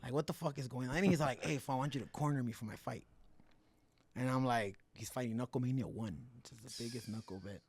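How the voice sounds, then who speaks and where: A man telling fight stories in a podcast interview, profane and animated, acting out the quotes in a slangy, casual way. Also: mid-range voice, fast, breathy edge. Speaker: guest fighter.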